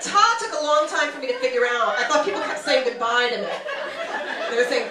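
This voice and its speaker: A woman with a New York accent performing a stand-up comedy set on a club stage, talking loud, brash and animated, swearing freely. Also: sits high, fast talker. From New York, USA. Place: large comedy club stage, audience laughing. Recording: echoey room, from far off, noisy.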